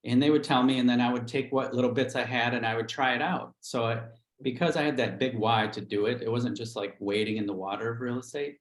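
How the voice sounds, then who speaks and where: A man's voice: medium pitch, brisk, few pauses, echoey room, poor audio. Candid middle-aged man telling his story. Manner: candid, animated storytelling with acted-out quotes. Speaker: real estate agent. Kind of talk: livestream interview storytelling.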